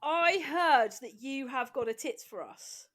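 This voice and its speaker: A woman co-hosting a comedy podcast in a high, bright voice that swings up and down. She teases her guest in a chatty, playful way. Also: lively intonation. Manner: teasing, quick to laugh. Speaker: podcast co-host. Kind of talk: casual chat.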